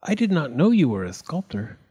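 A man voicing an admiring female circle in a storybook reading, airy and excited. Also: fairly high pitch, fairly quick, husky, big-room sound, highs cut off, voice pushed up. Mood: gushing.

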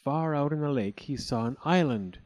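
Man reading a storybook aloud, animated. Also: fairly high pitch, normal speed. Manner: expressive, with many character voices. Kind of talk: storybook read-aloud narration.

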